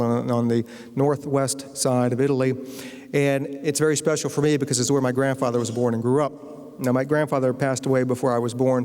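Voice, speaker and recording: A man's voice: medium pitch, darkish tone. American man telling a comic lecture story. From United States. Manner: anecdotal, with comic timing. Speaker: guest lecturer and novelist. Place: university lecture hall. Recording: long reverb of a lecture hall.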